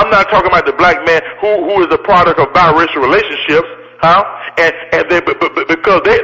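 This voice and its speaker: A man's voice: fairly high pitch, sharp tone, highs cut off. A man giving a fiery motivational speech with a preacher-like cadence, repeating his lines and calling out to the crowd. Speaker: motivational speaker. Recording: long hall reverb.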